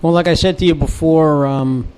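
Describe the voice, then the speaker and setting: Bantering co-host, slightly high voice. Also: male voice, fairly even intonation, normal speed, a little mellow, slight background noise. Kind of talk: casual call-in show chat.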